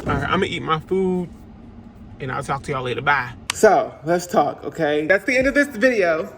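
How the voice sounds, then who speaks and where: A man's voice: fairly high pitch, animated, normal speed, a bit bright. A young man vlogging casually, chatty and playful, often laughing through his asides while he walks around and eats. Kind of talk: casual vlog chat. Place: outdoors in a city park and in a car.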